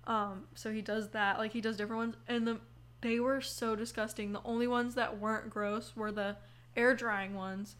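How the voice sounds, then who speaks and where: A young woman chats loosely into her podcast mic, with plenty of fillers and the odd casual swear. She yawns between thoughts and drifts from one story to the next at an easy, unhurried pace. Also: fairly high pitch, little pitch movement, a bit bright. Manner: rambling, lots of "like", yawning, swears casually. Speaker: podcast host. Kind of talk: casual chat. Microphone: headphones on, recording mic.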